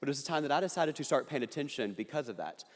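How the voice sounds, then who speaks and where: A young adult political speaker talks very fast and animatedly, his voice mid-range, as he delivers an earnest, punchy address with occasional jokes. The setting is a big hall on a university campus, with reverb audible.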